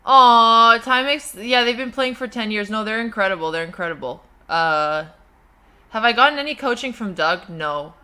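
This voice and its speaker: A young woman hosting a livestream, reading viewer messages and chatting casually in a self-deprecating way, quick to laugh. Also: mid-range voice, expressive, sharp tone. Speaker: livestream host.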